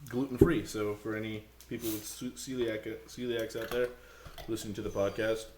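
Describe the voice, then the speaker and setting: A man's voice: lowish voice, fairly even intonation, normal speed, background noise. A young man hosting a casual podcast, chatting, laughing easily and reading product labels aloud. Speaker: podcast host. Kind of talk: casual chat.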